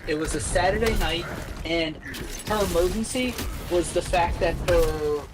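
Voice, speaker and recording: A man recounts events in a dry, matter-of-fact way during a casual chat. His voice sits a little high for a man. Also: a little slow, music in the background, rough recording. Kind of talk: casual storytelling.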